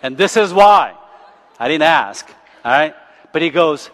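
A man's voice: on the high side, animated, a little slow, pauses often, a bit bright. A man in his forties, a pastor, preaching a sermon as chatty stories, often laughing and asking "right?". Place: church. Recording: echoey church hall.

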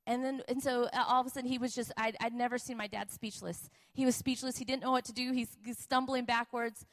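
A woman preacher shares a personal testimony with a high, bright-edged voice. She talks emphatically and circles back over key phrases, building the story with animated energy. The style is that of a church testimony sermon. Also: brisk. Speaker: preacher and missionary.

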